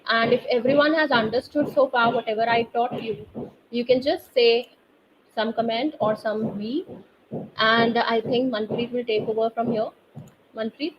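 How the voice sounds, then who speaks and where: A woman teaching a live online French class, explaining accents slowly and quizzing her students through the chat. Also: a little high, fairly even intonation. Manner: slow, patient, quizzes students via chat. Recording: slightly dull online class audio with faint noise.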